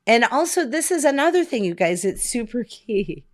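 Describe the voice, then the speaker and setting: A woman business coach giving a motivational online talk from home, energetic and conversational, firing off rhetorical questions. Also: fairly high pitch, normal speed.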